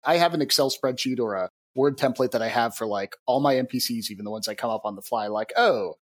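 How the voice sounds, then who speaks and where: A man's voice: mid-range voice, quick pace. A man co-hosting a podcast, rambling casually with restarts and the odd swear. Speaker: podcast co-host. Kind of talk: casual chat.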